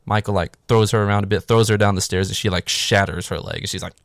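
A man's voice: on the low side, fairly even intonation, fast, no echo. A man giving a casual, sarcastic, profane recap of a film, rambling with lots of filler words. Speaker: movie recap host.

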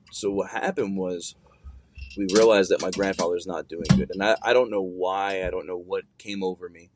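In a low voice, a young adult man tells a long personal story casually, rambling and swearing, with many fillers and restarts.

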